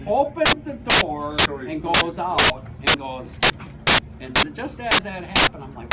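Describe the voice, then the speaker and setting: Guy telling a wild story to friends, swears a lot, pitch all over the place. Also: slow, far from the mic, over loud music, poor audio. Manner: animated, profane, acts out quotes. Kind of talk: casual storytelling among friends. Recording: loud background noise.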